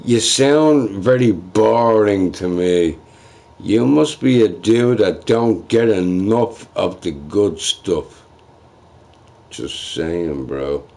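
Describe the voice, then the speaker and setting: A man's voice: low-pitched, takes it slowly, creaky, a little mellow. A young man streaming, ranting to his chat in a profane, trash-talking way. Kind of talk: livestream rant to chat.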